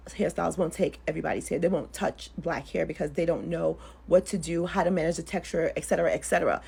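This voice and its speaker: A woman's voice: mid-range voice, breathy edge. A woman hairstylist giving her opinion in casual, rambling talking-head commentary. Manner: fast, talkative, rambling.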